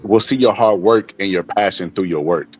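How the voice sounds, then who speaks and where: A man with a very low voice talks as a guest in a casual livestream chat. He is earnest and advice-giving and tells stories from his own work, with faint music behind him. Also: moderate pace. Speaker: guest commentator.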